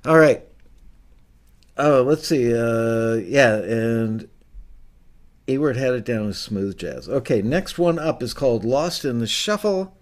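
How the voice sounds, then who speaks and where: A man hosting a casual chat about music, thinking aloud and rambling with many fillers. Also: mid-range voice. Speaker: host.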